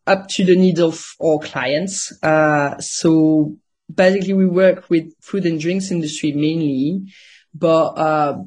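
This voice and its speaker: A woman's voice: sits low, a little mellow. Brief: woman guest, hesitant, searching for English words, casual. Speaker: podcast guest, marketing agency founder. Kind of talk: casual interview chat.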